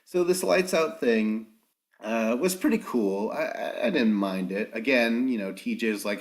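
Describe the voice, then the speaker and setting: A man hosts a podcast and recaps a reality show in a loose, rambling way. He rants and swears often. He slips into quick mocking voices when he quotes people, then drops back into his ordinary voice. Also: fairly low pitch. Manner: profane ranting, acts out quotes in mocking voices. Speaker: podcast host.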